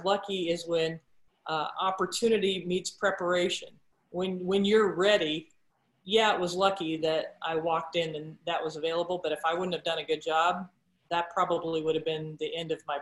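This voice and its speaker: A middle-aged woman, a sportscaster and guest, telling stories about her career in a casual chat and acting out the quoted dialogue with lively energy. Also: on the low side. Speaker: guest broadcaster. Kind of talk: casual storytelling interview. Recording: roomy echo.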